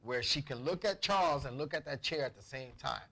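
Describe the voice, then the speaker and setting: Casting: comedic male host, bright and sharp tone, loose and profane storytelling. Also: mid-range voice, a little fast, gravelly. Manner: animated, profane, acts out family members' voices. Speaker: show host.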